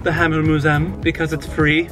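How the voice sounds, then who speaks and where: A man's voice: on the high side, completely flat delivery, normal speed. A young man co-hosting a vlog, joking around playfully and laughing often while out in town and in a car. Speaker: vlog co-host. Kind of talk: casual joking chat. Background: loud music.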